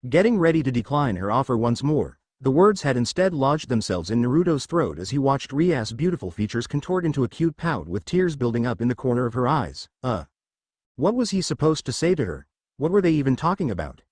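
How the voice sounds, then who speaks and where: Lively dry-voiced male story narrator. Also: mid-range voice, brisk, no room sound. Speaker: fan fiction narrator. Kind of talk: scripted narration.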